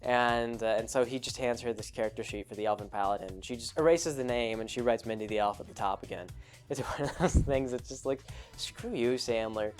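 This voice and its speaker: A man's voice: medium pitch, brisk, soft background music. A man hosting a podcast, casually retelling a tabletop game session in a chatty, rambling way full of asides. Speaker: podcast host. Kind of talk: casual storytelling.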